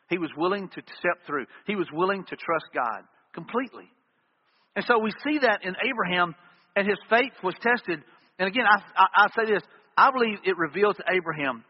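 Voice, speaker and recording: High husky preacher man, echoing hall. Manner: earnest preaching with repeated emphatic refrains. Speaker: pastor. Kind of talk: sermon. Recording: reverberant hall, dull lo-fi sound.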